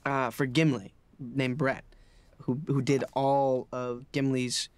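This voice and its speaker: A man's voice: medium pitch, flat delivery, takes it slowly, smooth, dry recording. A man telling amused stories about the film crew in an interview. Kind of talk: anecdotal interview.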